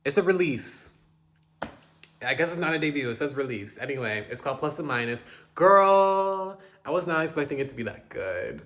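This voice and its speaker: A man casually reviewing new pop releases, chatty and dramatic, with quick asides and loud outbursts. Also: medium pitch, animated. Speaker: music reviewer.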